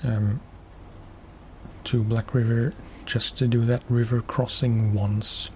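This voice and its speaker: A man streaming a game for relaxation, talking softly in unhurried, musing asides. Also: medium pitch, little pitch movement, a little hiss or hum. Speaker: gaming ASMR streamer. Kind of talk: soft-spoken gameplay commentary.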